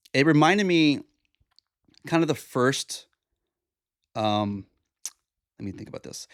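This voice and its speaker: A man's voice: medium pitch, no room sound, clean studio sound. A tired, groggy young man hosting a solo podcast, talking in a rambling, reflective way with restarts. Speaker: podcast host. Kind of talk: casual solo podcast monologue.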